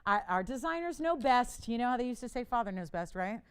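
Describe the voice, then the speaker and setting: A woman hosting a live TV jewelry shopping show, pitching an auction in a chatty, playful way, laughing often and urging bidders on. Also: lively intonation, brisk, clean tone. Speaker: TV shopping host. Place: TV studio.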